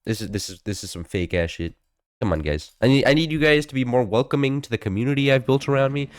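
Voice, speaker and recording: A man's voice: medium pitch, animated, fast, dry recording. Rambling sarcastic young male gamer. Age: young adult. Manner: rambling, sarcastic, stumbles and repeats words. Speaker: gaming streamer. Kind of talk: casual rambling chat while gaming.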